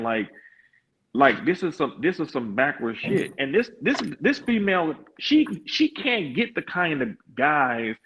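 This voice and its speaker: A man's voice: a little high, big pitch swings, unhurried, muffled recording. A man hosting a talk show, giving opinionated commentary, stumbling over restarts before landing his points with emphasis. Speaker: podcast host.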